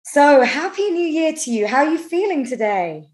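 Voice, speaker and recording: Bubbly and effusive, a female podcast host with a high, sing-song voice talks at a moderate pace in a casual interview chat with a guest, gushing with gratitude.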